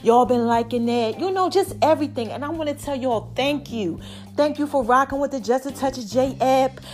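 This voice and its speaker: A woman hosting her podcast in a casual, animated monologue, a little short of breath and calling her listeners baby. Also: sits high, normal speed, faint music behind. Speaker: podcast host.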